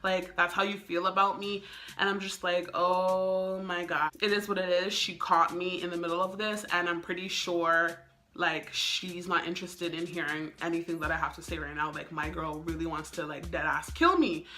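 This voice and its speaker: A woman's voice: on the low side, steady tone, brisk, bright, forceful tone. A young woman telling a casual storytime, chatty and full of "like" and "um.". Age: young adult. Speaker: vlogger.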